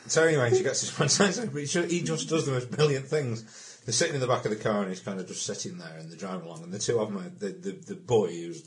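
A man playing a tabletop game, chatting casually and telling stories with animated delivery. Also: fast, hardly any pauses. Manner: animated storyteller, swooping pitch. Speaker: player.

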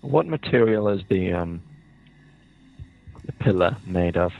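Gravelly, joking tabletop player man. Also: deep voice, animated, dull audio. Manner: halting, joking. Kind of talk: casual tabletop play.

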